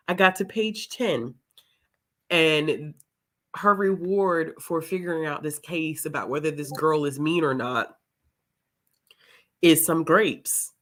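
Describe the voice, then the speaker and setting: A woman's voice: low voice, slow pace, long pauses, fairly bright tone. A woman hosting a book vlog, chatting casually with viewers and laughing often between words as she talks. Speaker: book vlogger hosting a reading sprint.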